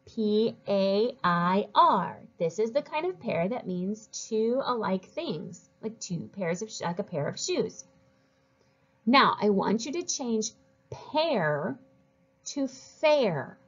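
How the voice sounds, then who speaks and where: A woman teaching children to read, sounding out each word slowly and clearly and cheering them on. Her pace is unhurried, and the recording is a bit dull and lo-fi. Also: a little high, very animated. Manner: slow, clear, encouraging, models each sound. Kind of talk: phonics lesson for children.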